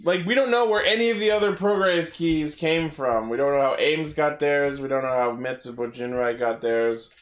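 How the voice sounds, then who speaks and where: Brief: enthusiastic male podcast co-host recapping, a bit high, echoey room. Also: steady tone, moderate pace, few pauses. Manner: enthusiastic, recaps plot, casual swearing. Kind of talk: casual chat.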